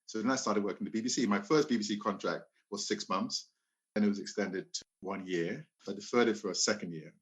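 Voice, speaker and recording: A Liberian man in his fifties, a guest on a casual interview, tells stories from his life and often acts out the dialogue he's quoting. His voice is on the low side, and he talks fast.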